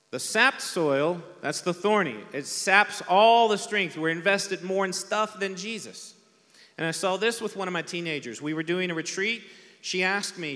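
Male pastor, conversational sermon, bright edge, echo of a big hall. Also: fairly high pitch. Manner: conversational, self-deprecating preaching with acted-out quotes. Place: large church hall. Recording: long hall reverb from a church PA.

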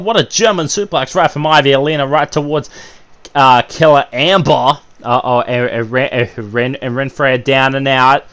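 Stumbling over restarts and packing in filler words, a man excitedly narrates a wrestling video game like an amateur play-by-play announcer. His voice is medium-pitched.

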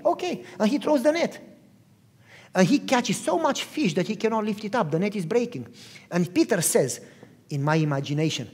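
A man's voice: sits high, moderate pace, breathy edge. A man preaching a sermon as a pastor, telling stories and putting questions to his listeners. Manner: animated storyteller, asks the audience questions. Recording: long hall reverb.

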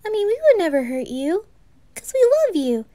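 A woman's voice: very high voice, big pitch swings, moderate pace, mellow, voice pushed up. A woman voicing a cheerful, eager young boy in a whispered role-play. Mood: excited.

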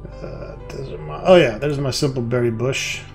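A man's voice: medium pitch, steady tone, moderate pace, gravelly, soft background music. A man hosting a let's play, reading out a text adventure game and muttering casual, profane comments.

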